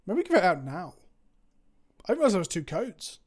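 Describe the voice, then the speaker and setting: A man's voice: sits high, huge pitch swings, brisk, husky. An English man chatting casually on a stream, rambling and swearing with self-mocking banter. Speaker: Magic card game content creator. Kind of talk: casual chat on a live stream.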